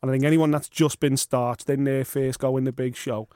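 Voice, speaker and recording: A man's voice: medium pitch, level tone, a little fast, warm tone, no echo, clean studio sound. A man co-hosting a podcast in casual chat, blunt and enthusiastic with strong opinions. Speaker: podcast co-host.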